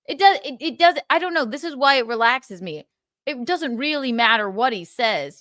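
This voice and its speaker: A woman's voice: sits high, very animated, moderate pace, a bit bright, no echo, studio quality. A woman hosting a livestream, chatting casually and giggling as she reacts to a clip. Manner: giggly, musing aloud. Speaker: livestream host.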